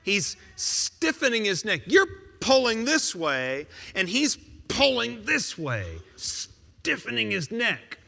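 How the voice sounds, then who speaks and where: A male pastor preaching a sermon in a conversational, emphatic way, with quick rebuttals. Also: high-pitched, very animated, creaky, sharp tone, big-room sound.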